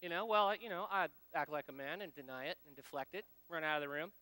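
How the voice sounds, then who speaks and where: Bright-voiced man preaching in a hall. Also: a little high, fast, smooth. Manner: storytelling, folksy, speaks directly to the audience. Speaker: speaker at a men's ministry gathering. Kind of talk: conversational sermon with personal anecdotes.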